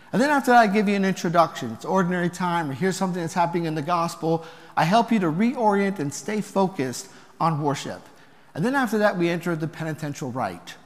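Guy priest giving a homily, kinda high voice, chatty w/ little jokes, big church echo. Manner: conversational preaching, rhetorical questions, gentle humor. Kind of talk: sermon. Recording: long reverb of a church.

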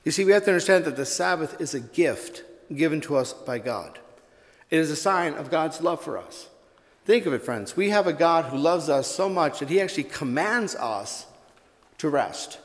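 A man's voice: on the high side, expressive, moderate pace, in a large hall. A man, a pastor, giving a sermon, telling a joke before moving into earnest preaching.

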